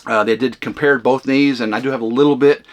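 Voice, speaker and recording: A man hosting a vlog, rambling casually at home in a camper cabin, loud and flamboyant with lots of fillers. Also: mid-range voice, steady tone, brisk. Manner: loud, big flamboyant talker. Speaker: vlog host.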